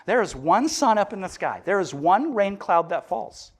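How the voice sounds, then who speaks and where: Pastor guy with a high voice, chatty animated sermon, lots of likes and restarts. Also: moderate pace. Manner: conversational, animated, many restarts and fillers.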